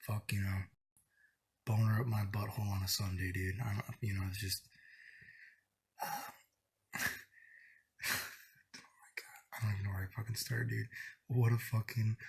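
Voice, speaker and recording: A man's voice: on the low side, vocal fry, slightly rough. A young man vlogging casually, sick and exasperated, rambling profanely about a bad day. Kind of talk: casual vlog rant.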